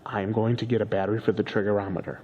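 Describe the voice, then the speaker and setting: Bossy low-voiced man. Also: fairly even intonation, racing, slightly rough, in a large hall, lo-fi sound. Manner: bossy, insistent. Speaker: comedy skit co-host. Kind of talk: comedy ghost-hunt skit.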